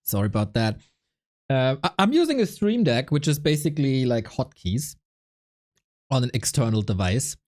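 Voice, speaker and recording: A woman's voice: rumbling low, very animated, normal speed, a little mellow. A woman casting a game stream, chatting casually in a laid-back, self-mocking way and laughing often. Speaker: esports caster.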